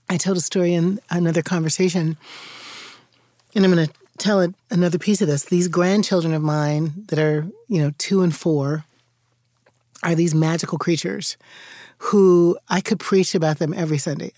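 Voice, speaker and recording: An older woman pastor talks in a warm, reflective conversation. Her voice sits a little low, and the sound is dry and close. She tells stories with animation, acts out voices and sometimes sinks to a whisper. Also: dry recording.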